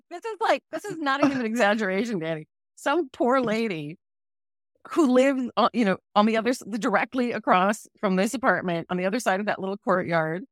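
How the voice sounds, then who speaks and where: A woman in her forties hosting a podcast, telling a story in a casual, animated way and laughing often. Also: a little high, normal speed, no room sound, clean studio sound. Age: 40s. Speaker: podcast host.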